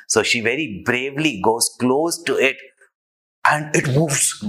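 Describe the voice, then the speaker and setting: A male spiritual teacher talks through a story at an unhurried pace. His pitch moves in wide, lively swings as he lingers on each step, then he turns the tale into a lesson. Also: poor audio. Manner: unhurried anecdotal telling with a moral. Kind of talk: sermon storytelling.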